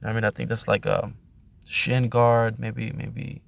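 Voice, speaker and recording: A man's voice: lowish voice, level tone, measured pace, gravelly. A man hosting a casual video, rambling and swearing as he talks about old armor and laughs often. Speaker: host. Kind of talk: casual vlog commentary.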